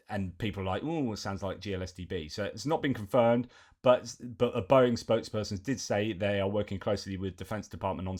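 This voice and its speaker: A man's voice: fairly low pitch, darkish tone. A man giving casual news commentary, chatty and reeling off lists with frequent fillers.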